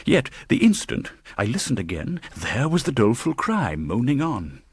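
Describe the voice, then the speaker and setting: Husky man narrating an audiobook dramatically. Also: mid-range voice, wildly swooping pitch, normal speed, no echo. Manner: dramatic, tense reading.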